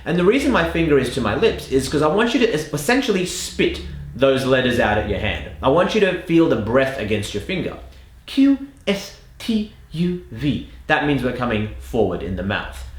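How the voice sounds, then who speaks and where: Australian male accent coach, patient and emphatic, very lively intonation, echoey room. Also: mid-range voice, a little fast. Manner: patient, emphatic, drawing out key words. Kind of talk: instructional lesson with spoken demonstrations.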